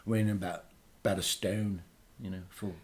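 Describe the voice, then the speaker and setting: Man doing an aging Liverpool punk rocker, rambling radio host, hesitant with lots of fillers, now and then breaking into loud rants. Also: low-pitched, steady tone, moderate pace, lightly acted. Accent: Liverpool English. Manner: bursts into loud ranting. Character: boastful aging male British punk singer. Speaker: guest radio host playing records. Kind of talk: comic radio character chat.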